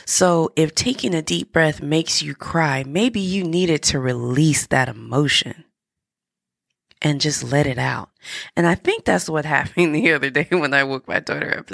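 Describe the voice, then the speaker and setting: Low, gravelly-voiced woman podcaster. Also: a bit bright, no echo, clean studio sound. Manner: candid, encouraging, conversational. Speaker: podcast host. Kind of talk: motivational podcast monologue.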